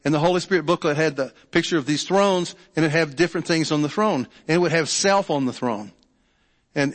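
A middle-aged man preaching a sermon, talking in a loose conversational way, often repeating words and checking in with the congregation. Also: on the high side. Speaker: pastor. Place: church sanctuary. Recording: long church hall reverb.

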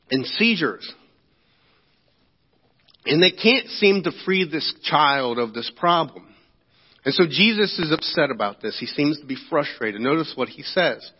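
This is a man with a slightly rough voice on the high side, preaching a sermon as a pastor. He talks conversationally and keeps checking in with the people in the church sanctuary, and the audio is echoey and lo-fi, with a dull sound.

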